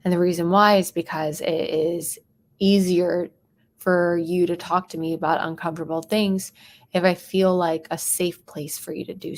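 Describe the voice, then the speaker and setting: A young adult woman coaching on sales tonality, talking quickly and dropping into whispers or bright bursts to show different tones. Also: on the low side. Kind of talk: teaching sales tonality to a live chat audience.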